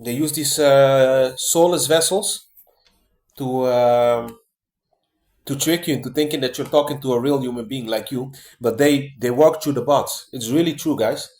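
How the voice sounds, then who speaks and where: A man's voice: medium pitch, a little slow, darkish tone. Man, rambling casual monologue, lots of fillers and restarts, roomy echo. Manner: rambling, many fillers and restarts, keeps saying man and guys. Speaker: vlogger.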